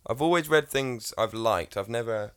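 A man's voice: medium pitch, moderate pace, fairly bright tone, smooth. A young English man in casual podcast chat, blunt and opinionated, swearing freely. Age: young adult. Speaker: podcast co-host.

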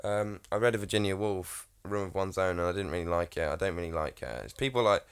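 A man's voice: deep voice, fast talker, clean tone. A young English man in casual podcast chat, blunt and opinionated, swearing freely. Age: young adult. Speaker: podcast co-host.

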